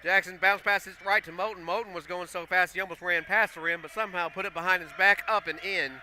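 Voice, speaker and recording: Male play-by-play announcer, excitable, sharp bright tone, lively on big plays. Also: fast, slight background noise. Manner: excitable, voice jumps high and loud on big plays. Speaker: play-by-play commentator. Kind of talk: live basketball commentary. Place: school gym.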